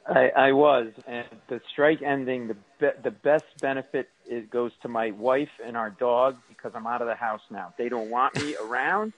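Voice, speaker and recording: A man's voice: mid-range voice, fairly even intonation, moderate pace, few pauses, no echo, highs cut off. A middle-aged man, a stand-up comedian, telling exaggerated, self-mocking stories as a radio guest. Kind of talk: comic storytelling on radio.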